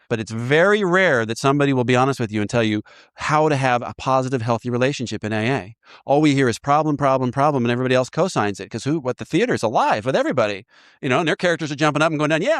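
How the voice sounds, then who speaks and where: A man sponsoring in a recovery program, walking a listener through an inventory in a lively, joking way with frequent laughter. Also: medium pitch, smooth, no echo, clean studio sound. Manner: animated, laughs often, acts out voices. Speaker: AA sponsor guiding a step inventory. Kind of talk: casual teaching talk.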